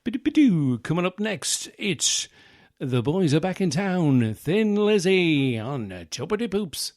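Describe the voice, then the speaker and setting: A man's voice: sits high, sing-song, unhurried, a little mellow, no echo, clean studio sound, pitched above the performer's own voice. A man putting on the voice of a cheesy male chart-show radio DJ, with jingly, announcer-style hype. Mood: hyped.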